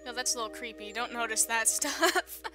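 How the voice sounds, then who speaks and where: A woman with a fairly high, very bright voice reads a visual novel's narration aloud. She keeps interrupting herself with sarcastic jokes and frequent laughter. Faint game music plays behind her. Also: a little fast. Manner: laughs often, teasing sarcastic asides. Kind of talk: reading game text aloud with joking commentary.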